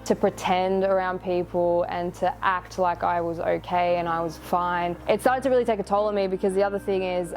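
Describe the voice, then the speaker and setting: A young woman tells her own life story candidly and reflectively, in a confessional tone with casual swearing. Her voice is lowish and darkish in tone.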